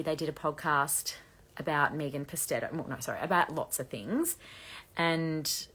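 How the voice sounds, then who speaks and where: Croaky low-voiced woman. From Australia. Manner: fast-talking, chatty, laughs often. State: hoarse, losing her voice. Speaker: gossip livestream host. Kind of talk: casual livestream chat reading comments. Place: bedroom at home with laundry drying.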